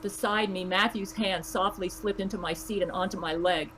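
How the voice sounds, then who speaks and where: A woman's voice: mid-range voice, fairly even intonation, normal speed, a bit bright, slight background noise, rough recording. Woman reading a story aloud.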